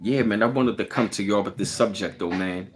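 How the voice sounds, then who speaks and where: A man from Baltimore, Maryland, with a Baltimore accent chats casually on a live stream, relaxed and greeting viewers by name. His voice is on the low side and he talks a little fast.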